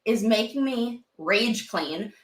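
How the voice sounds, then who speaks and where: This woman in her thirties has a fairly high pitch and lively intonation, and she takes her time. As a licensed marriage and family therapist guesting on a podcast, she chats casually in an echoey room, dramatizing quoted inner voices and swearing here and there.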